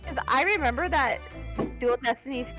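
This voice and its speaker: A woman chatting with friends on a stream, excitable, reading game lines aloud. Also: high voice, moderate pace, over music.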